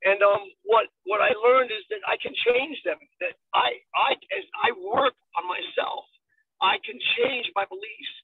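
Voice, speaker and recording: A slightly hoarse man speaking haltingly on a phone call while driving in traffic. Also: very high voice, big pitch swings, dry recording. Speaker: coaching group member. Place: car in traffic. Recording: tinny phone line from a car.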